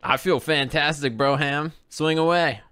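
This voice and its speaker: A man's voice: on the high side, measured pace, sharp tone. A young man playing in a tabletop game, bantering with his friends in a bro-ish, joking way. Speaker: player. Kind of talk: casual tabletop game play.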